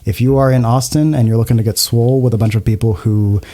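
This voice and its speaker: A man who is a guest player on a tabletop podcast, talking with dry, deadpan humor. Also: medium pitch, quick pace. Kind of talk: casual podcast chat.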